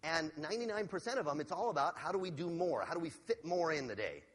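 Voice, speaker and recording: Man, sales trainer, husky voice, lively animated pitch, energetic seminar talk, long hall reverb. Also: fast. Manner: energetic, asks the audience questions. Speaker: sales trainer and keynote speaker. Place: large hall with a live audience.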